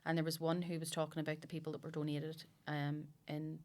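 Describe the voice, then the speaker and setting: A woman, a comedian guest telling lively, sweary stories in a casual podcast chat. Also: sits low, a little fast. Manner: animated storyteller, swears freely.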